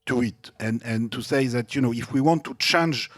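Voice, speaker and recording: A man's voice: medium pitch, normal speed, dry recording. A man with a French accent, a native French speaker discussing ideas in English at a panel debate, talking animatedly with frequent "you know" and restarts. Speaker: invited economist in a panel debate.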